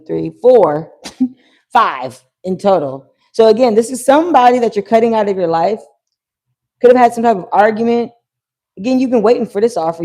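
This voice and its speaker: A woman hosting a live tarot reading, talking in an animated, slangy way with swearing and bursts of laughter. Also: medium pitch. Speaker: tarot reader. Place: at home near a pool, kids heard.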